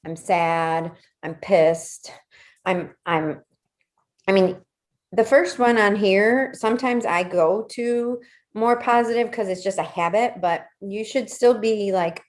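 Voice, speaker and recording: A woman's voice: medium pitch, slow. A woman leading a casual workshop, talking conversationally, repeating words and checking in with "right?". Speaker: workshop leader.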